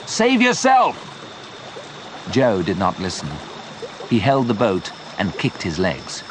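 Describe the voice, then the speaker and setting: A man with a British accent reading a graded story aloud for English learners, clear and deliberate. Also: low-pitched, lively intonation, background noise. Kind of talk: slow graded-reader narration.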